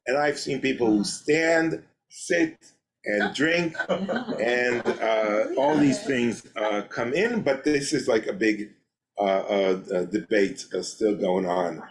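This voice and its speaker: A rabbi teaching an informal class, speaking hesitantly with many fillers and restarts. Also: male voice, mid-range voice, slow pace, slight background noise, poor audio.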